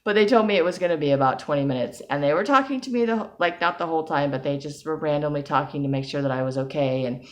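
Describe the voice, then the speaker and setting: A woman with a notably low voice talks through a personal story in a relaxed video diary. She rambles along, filling gaps with "like" and acting out what she told herself. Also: quick pace, hardly any pauses. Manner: rambling, casual storytelling with fillers and quoted self-talk. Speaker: vlogger.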